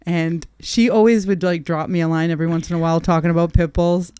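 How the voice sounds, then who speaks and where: A woman hosting a dog training podcast, chatting casually with quick asides and frequent laughter. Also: on the low side, fairly even intonation, mellow, clear, resonant tone, no room sound, clean studio sound. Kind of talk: casual interview chat.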